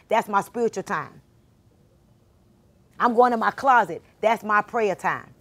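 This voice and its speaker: A woman's voice: on the high side, fairly bright tone. A woman giving a motivational spiritual talk, speaking directly and informally to her listeners and repeating her points for emphasis. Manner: informal and conversational.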